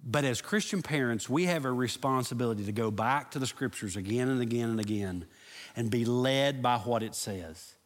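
A man's voice: medium pitch, moderate pace. A middle-aged man, a pastor, preaching a sermon with a story and then leading an earnest prayer. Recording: long hall reverb.

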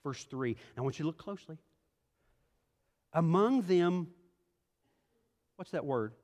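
A middle-aged male pastor preaching a sermon, moving from quiet scripture reading to emphatic exhortation. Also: mid-range voice, lively intonation, quick pace. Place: church sanctuary. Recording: hall reverb.

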